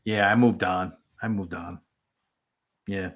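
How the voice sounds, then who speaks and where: A man's voice: sits low, fairly even intonation, takes it slowly, fairly bright tone. A man co-hosting a casual livestream, chatting easily and reading out viewer comments in a rambling way. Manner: easygoing, rambling. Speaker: livestream co-host.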